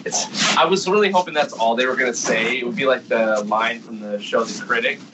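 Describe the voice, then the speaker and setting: A man's voice: mid-range voice, brisk, noisy background. A man co-hosting a podcast, joking around in casual chat. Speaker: podcast co-host.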